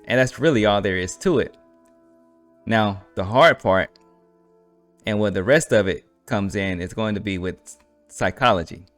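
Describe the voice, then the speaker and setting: A man hosting an online talk episode, explaining in a relaxed, conversational way and often asking "right?". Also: fairly low pitch, unhurried, long pauses, faint music behind. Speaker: host. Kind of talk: casual explanatory talk to camera.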